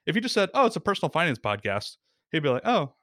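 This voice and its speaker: A man explaining podcasting as a guest in a casual talk, lively and acting out little quotes. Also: on the high side, racing, dry recording, clean studio sound.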